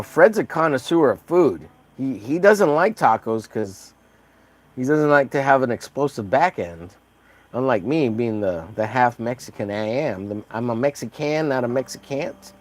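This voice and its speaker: A livestreaming artist paints while chatting casually, his medium-pitched, expressive voice moving at a measured pace. He rambles and cracks jokes at his own expense.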